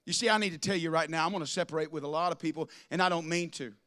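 A man preaching a sermon to a congregation, swinging from loud declarations to soft asides. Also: fairly high pitch, very fast, hardly any pauses. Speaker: pastor. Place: church with a congregation.

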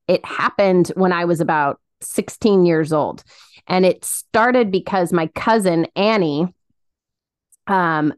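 A woman's voice: fairly low pitch, clear, resonant tone, dry recording, studio quality. Giggly woman co-hosting a podcast. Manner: giggly, laughs often while telling stories. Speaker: podcast co-host. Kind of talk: casual faith podcast chat.

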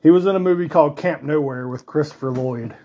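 A man's voice: fairly high pitch, fast, warm tone, dull audio, slight background noise. A man hosting a podcast in casual chat, rambling and swearing now and then. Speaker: podcast host.

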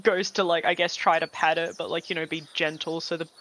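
Playful mid-pitched player, quick asides, little bit of hiss. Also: flat delivery, fairly bright tone, low-quality recording. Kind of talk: casual tabletop role-play.

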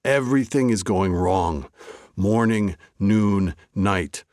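A man's voice: lowish voice, slow pace, a little mellow, dry recording, clean studio sound. A man playing a fretful worried baker. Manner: worried, exclaiming complaints. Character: anxious, fretful middle-aged male village baker. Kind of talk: storybook character voice.

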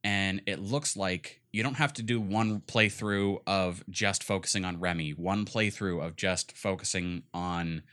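Deep-voiced and unhurried, a young man rarely pauses as he co-hosts a casual podcast. His fairly bright tone carries an eager, filler-heavy ramble about video games.

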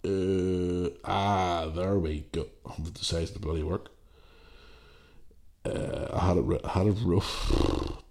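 A man's voice: sits low, level tone, slow pace, gravelly, a little mellow. A man from Northern Ireland with a Northern Irish accent, hosting a casual solo podcast, blunt and opinionated, swearing freely and sniffly from the flu. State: getting over the flu, sniffly. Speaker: podcast host.

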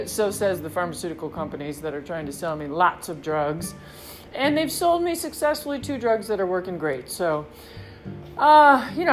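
A woman hosting her own podcast in a rambling, excitable monologue, swearing freely. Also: mid-range voice. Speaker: podcast host. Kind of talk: casual monologue.

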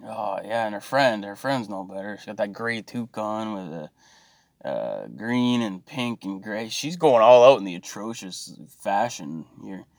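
A man's voice: on the low side, animated, a little slow, gravelly, no echo, studio quality. Swearing man on a rant. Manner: swearing, mocking, exasperated rant. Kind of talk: profane ranting monologue.

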